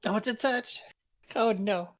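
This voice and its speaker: A woman's voice: mid-range voice, measured pace. Woman casually running a tabletop game. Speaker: game master. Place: home streaming setup.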